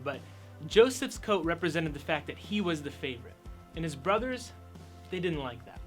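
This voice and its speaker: A man's voice: a little high, animated, moderate pace, soft background music. A man giving an upbeat, conversational youth sermon as pastor, telling stories along the way.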